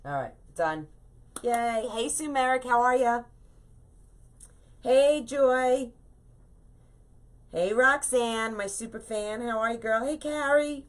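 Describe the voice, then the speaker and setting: A woman's voice: a little high, slow pace, pauses often. A middle-aged woman hosting a chatty craft livestream, greeting viewers by name in a bubbly, upbeat way. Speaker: wreath-making livestream host. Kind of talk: casual livestream chat with viewers.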